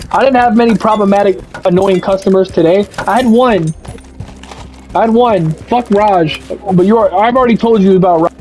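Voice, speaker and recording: A young man streaming a game, telling a profane, animated story about a bad work shift. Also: high-pitched. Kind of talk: casual rant over gameplay. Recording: slightly muffled, faint music.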